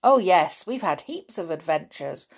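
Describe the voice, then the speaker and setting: A woman's voice: lowish voice, animated, measured pace, gravelly, exaggerated voice. A woman reading aloud, voicing a boy who cheerfully boasts of his adventures. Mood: boastful. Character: lively boy telling tales of adventures.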